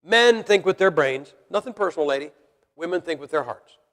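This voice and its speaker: A man's voice: fairly high pitch, expressive, fairly quick, fairly bright tone. A man preaching a sermon to a congregation in a blunt, folksy way, firing rhetorical questions at them. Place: church hall with congregation. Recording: long reverb of a large hall.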